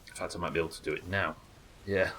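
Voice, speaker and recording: A man's voice: low voice, steady tone, quick pace, background noise. A British man giving casual, chatty, sweary commentary while he plays and builds in a game. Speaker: game streamer. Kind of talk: casual let's-play commentary.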